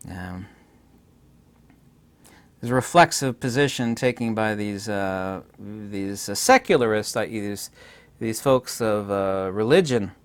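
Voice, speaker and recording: Speaking in a fairly low voice, a man lectures on philosophy without a script. He presses his points insistently, says them again, and often hesitates and pauses.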